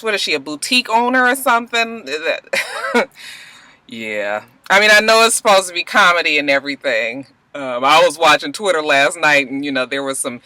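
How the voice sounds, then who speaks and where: A woman from Georgia, chatting casually and animatedly through a TV show review, swearing and laughing as she goes. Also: no echo. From Georgia, USA. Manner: animated, swearing, laughing asides, big pitch jumps.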